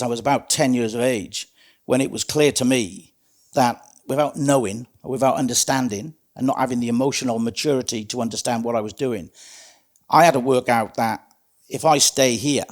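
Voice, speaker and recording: A middle-aged man from South Wales, guesting on an interview, recounts his life story in an earnest, plain-spoken way and calls the host "mate." His voice sits at medium pitch and moves a little fast.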